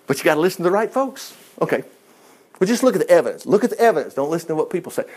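A man's voice: fairly high pitch, racing. A man leading an informal Bible study, folksy and chuckling as he talks. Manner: folksy, animated, chuckles often. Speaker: Bible teacher.

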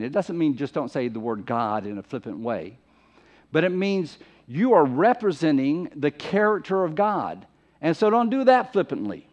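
A man preaching a sermon in an emphatic, conversational way, often repeating phrases for stress. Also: a little high. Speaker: pastor. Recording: muffled lo-fi recording.

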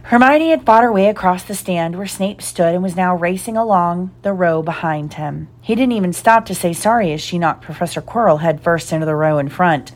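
Expressive woman reading a storybook. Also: on the low side, a little fast, few pauses. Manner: animated, expressive. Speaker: reader.

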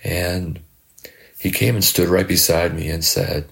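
Very deep gravelly-voiced man reflecting. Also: little pitch movement, a bit bright. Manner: halting, repeats words, heartfelt. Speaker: podcast host and life coach. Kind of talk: personal reflective monologue.

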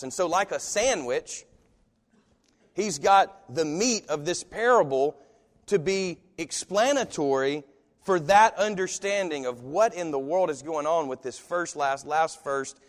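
A man's voice: on the high side, expressive, a little slow. A man preaching a sermon in a casual, conversational way, acting out the voices of the people he quotes. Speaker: pastor. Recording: long hall reverb.

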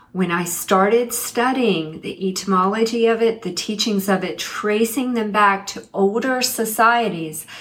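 A woman's voice: medium pitch, a bit bright. Earnest middle-aged woman telling a story. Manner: earnest, slows down to stress key points. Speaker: spiritual teacher. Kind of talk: personal storytelling monologue.

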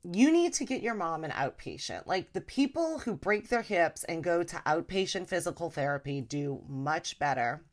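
A woman hosting a podcast, ranting about family life in a casual comedic way and slipping into a high, mimicking voice. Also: normal speed, few pauses. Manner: animated, mimics her mother in a high voice. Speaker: podcast host.

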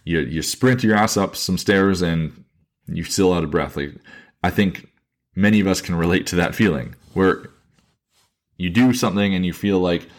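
A man with a very low voice speaks on his own podcast in his thirties. He sounds earnest and reflective, circling back over his phrases and slowing down to stress his points. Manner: earnest and thoughtful, repeats phrases and restarts, slows down to stress points. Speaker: podcast host, fitness coach. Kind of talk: reflective solo podcast monologue.

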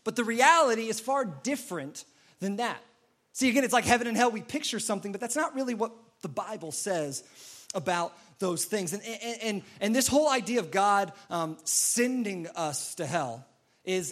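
A man's voice: high voice, lively intonation, moderate pace, a bit bright. A man preaching a sermon in an earnest, repetitive way, now and then acting out pleading voices. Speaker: pastor.

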